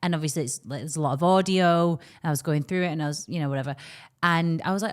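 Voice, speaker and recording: A young English woman with an English accent co-hosting a casual podcast, chatty and animated, with quick asides and laughter. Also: sits low. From England. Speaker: podcast co-host. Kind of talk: casual chat.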